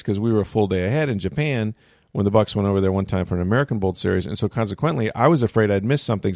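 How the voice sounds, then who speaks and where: A man's voice: lowish voice, a little mellow, no echo, clean studio sound. A middle-aged man hosting a sports talk show, telling a story in a casual, rambling way and interrupting himself often. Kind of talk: casual chat.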